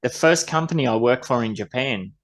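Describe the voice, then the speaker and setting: A man's voice: mid-range voice, lively intonation, brisk. Aussie guy cohosting a podcast, jokey and loose, swears a bit. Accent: Australian. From Australia. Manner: joking, chatty, swears casually. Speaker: podcast co-host. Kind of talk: casual chat.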